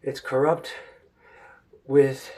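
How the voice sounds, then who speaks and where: A man's voice: mid-range voice, little pitch movement, extremely slow, dark tone. A man in a rambling solo monologue, profane, who keeps stopping to ask himself why.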